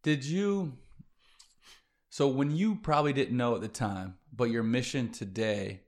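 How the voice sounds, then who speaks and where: A man hosting a podcast, asking gentle, attentive follow-up questions. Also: medium pitch, a little slow. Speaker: podcast host. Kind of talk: interviewing.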